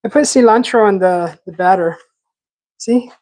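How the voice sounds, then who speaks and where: A woman's voice: mid-range voice, moderate pace, a little mellow, no echo. A woman hosting a live stream, rambling in casual chat with many fillers and restarts, talking while eating. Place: home garden setting.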